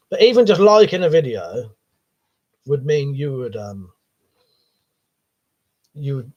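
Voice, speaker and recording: With a medium-pitched, slightly mellow voice that has a breathy edge, a man runs a live stream. He reads viewers' comments aloud and replies in a casual, swear-filled way, all in dull lo-fi stream sound.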